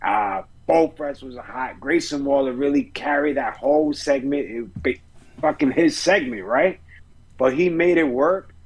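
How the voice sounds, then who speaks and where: A man's voice: fairly high pitch, very animated, unhurried, vocal fry, breathy edge, poor audio. A man co-hosting a wrestling podcast, giving enthusiastic, rambling reviews with casual swearing. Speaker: podcast co-host.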